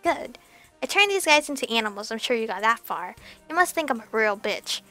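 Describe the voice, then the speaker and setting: A woman voicing a sly young sorceress who cursed men, reading game dialogue aloud in a calm, probing way. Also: a little high, brisk, faint music behind. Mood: soothing. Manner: calm, cool, probing questions.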